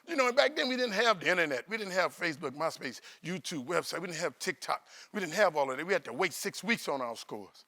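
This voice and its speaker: A man's voice: on the high side, fast talker, gravelly, hardly any pauses. A man, a motivational speaker telling humorous stories to a live audience at a university event. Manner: animated, comic, playful with the audience. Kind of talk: humorous storytelling speech.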